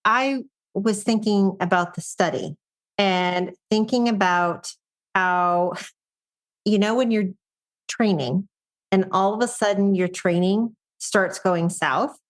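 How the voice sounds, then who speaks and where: A woman with a mid-range voice co-hosts a casual podcast about dogs. Her talk is lively and joking. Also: mid-range voice, takes it slowly. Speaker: podcast co-host. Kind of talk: casual chat.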